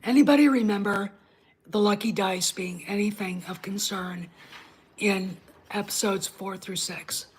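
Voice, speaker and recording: A woman with a mid-range voice speaks a little slowly over slight background noise. Hosting her own online show, she rants bluntly in a casual livestream, swearing plenty and talking straight to her live chat.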